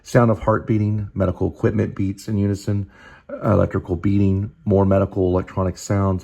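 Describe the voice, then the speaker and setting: A man's voice: low voice, fairly even intonation, normal speed, creaky, dark tone. A man reading his own screenplay aloud, stopping often to explain and think aloud.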